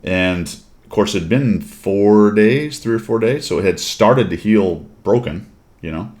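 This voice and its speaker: A man with a very deep voice hosts a casual stream chat. He tells stories at an unhurried, laid-back pace. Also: a little mellow. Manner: laid-back anecdotal storytelling. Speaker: streamer host.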